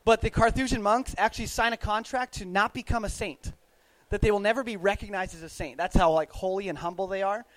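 High-voiced young man telling a story. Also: fairly quick, no room sound. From United States. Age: young adult. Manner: casual, animated, with frequent fillers and restarts. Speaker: speaker telling a travel story to an audience. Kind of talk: storytelling talk to a live audience.

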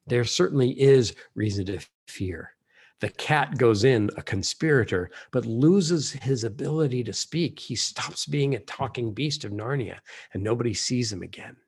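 A man's voice: mid-range voice, animated, normal speed, a little mellow, husky. A man reading aloud from a novel and reflecting on it like a preacher, at times dropping to a whisper. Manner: reads quotes aloud, drops to an unvoiced whisper at times.

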